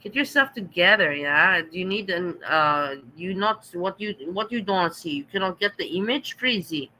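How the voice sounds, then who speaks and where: A middle-aged woman with a German accent talks on a casual livestream, answering her chat directly. Her voice is bright and forward, and her manner is sarcastic and teasing, with blunt jabs at the viewers she addresses. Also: lowish voice, expressive, moderate pace, a little hiss or hum, rough recording. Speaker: livestream host reading chat.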